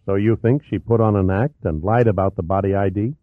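A blunt middle-aged sheriff, as a male narrator reads him fires off short, direct questions. His voice is low and dry. The audio comes through tinny and narrow. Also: brisk, no room sound, natural voice.

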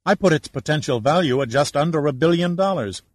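A man's voice: on the high side, animated, a little fast, no echo, voice pushed up. A man voicing a furious woman scholar. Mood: angry. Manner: sharp and indignant. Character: woman, fierce angry archaeologist.

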